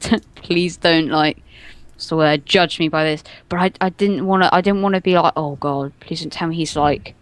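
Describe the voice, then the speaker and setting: Young woman, rambling giggly storytelling, fairly low voice, dry close sound. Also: no room sound. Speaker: podcast co-host telling a story. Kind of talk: casual chat.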